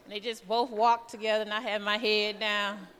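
Bright-voiced woman preaching in echoey church. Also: medium pitch, moderate pace, clear, resonant tone. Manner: nervous, chatty storytelling with lively quoted voices. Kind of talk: testimony sermon. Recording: reverberant church hall.

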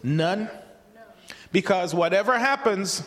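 This preacher's voice is notably high and a bit bright, and his pace is measured. He preaches conversationally, slips into quoted voices, and often restarts and repeats words, while a long reverb fills the space like a large church hall.

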